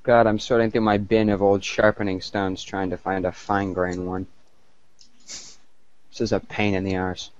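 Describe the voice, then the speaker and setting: A man's voice: low voice, level tone, moderate pace, lo-fi sound. A man with a British-sounding accent chatting casually and telling jokes. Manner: chatty joke-teller. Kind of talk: casual chat.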